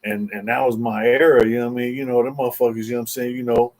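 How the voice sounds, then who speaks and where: A man's voice: medium pitch, level tone, very fast, a little mellow. A man casually telling a story in slangy street talk, rambling with restarts and constantly checking in with the listener. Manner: slangy street talk, constantly saying "you know what I'm saying"; rambling with restarts and repeated words. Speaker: interview guest telling a story.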